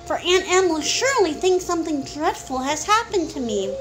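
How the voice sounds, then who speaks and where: A woman's voice: extremely high pitch, sing-song, moderate pace, over music, voice pushed up. A woman reading the part of a young girl who pleads earnestly to go home.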